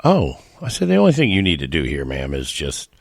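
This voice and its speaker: A man's voice: very deep voice, wildly swooping pitch, quick pace, vocal fry, dry recording, clean studio sound. A middle-aged American man telling a story in a folksy, rambling way as the host of a casual talk show. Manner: folksy and rambling, with many restarts. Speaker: podcast host.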